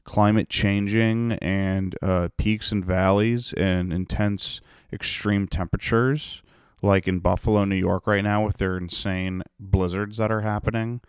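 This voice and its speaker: Young guy, low smooth voice, dry close sound; sarcastic, profane podcast host. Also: fairly even intonation, a little slow, dry recording. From Rhode Island, United States. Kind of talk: casual solo podcast rant.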